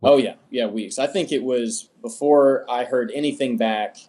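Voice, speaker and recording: A man's voice: medium pitch, normal speed. Young man telling a story with fillers. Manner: relaxed, rambling, many fillers. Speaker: interview guest. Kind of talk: casual storytelling.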